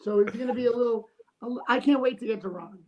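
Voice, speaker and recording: Male co-host, animated jokey storyteller, casual livestream chat. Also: very high voice, quick pace, lo-fi sound, crowd noise. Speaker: comic artist, co-host.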